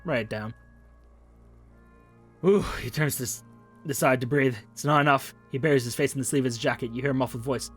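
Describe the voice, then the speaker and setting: Man, game narration, reads text aloud, casual, wry asides, mid pitch, faint music. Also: a little fast, long pauses, a bit bright, slightly rough. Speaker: game streamer.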